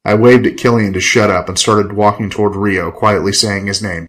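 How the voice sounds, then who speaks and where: A man's voice: deep voice, fairly even intonation, brisk, hardly any pauses, a bit bright, poor audio. A man narrating a gritty first-person story in a wry, profane, hard-boiled tone.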